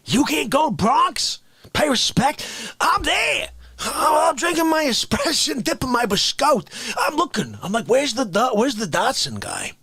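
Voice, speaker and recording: A gravelly, hoarse older Bronx tough guy, hissing menacing questions that break into high shouts. The voice swings wildly up and down, sitting strangely high for a man. The recording is dry and close. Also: sing-song, unhurried, no room sound, exaggerated voice. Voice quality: raspy, hoarse whispering, sudden shouts. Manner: menacing interrogating rants. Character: raspy older male Bronx tough guy demanding respect.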